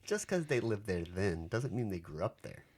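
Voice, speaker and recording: A man's voice: lowish voice, big pitch swings, normal speed, a little mellow. A man co-hosting a haunt podcast in casual, joking chat. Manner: joking, laid-back. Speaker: podcast co-host.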